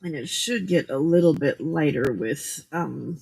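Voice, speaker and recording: A woman's voice: low voice, measured pace, vocal fry, darkish tone, husky. A woman hosting a late-night crafting livestream, chatty and giggly as she talks through each step at her craft table at home. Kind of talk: casual chat while crafting.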